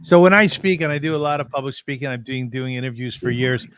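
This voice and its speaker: A man's voice: medium pitch, fast talker, fairly bright tone, clear, resonant tone, dry recording. Guy hosting a talk show, chatty and laughs a lot, dry room. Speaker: host. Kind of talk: casual interview talk.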